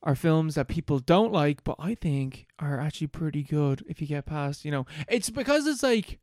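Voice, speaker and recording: A man hosting a film podcast, recapping a movie in a loose, animated, profane chat on a close microphone. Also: on the high side, moderate pace, no echo. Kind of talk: casual chat.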